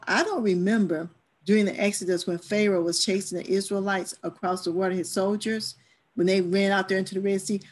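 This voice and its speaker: A woman who leads church stewardship, talking earnestly and emphatically in a church discussion class. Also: medium pitch.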